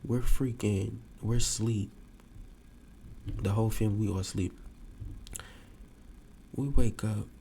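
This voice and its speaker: A young man talking on a live-streamed podcast, his voice low and mellow. He tells a story in a loose, animated way and leaps up in pitch whenever he acts out a quote. Faint room hum sits behind him. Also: slow pace, gravelly, pauses often. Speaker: podcast host. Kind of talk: casual storytelling to a live audience.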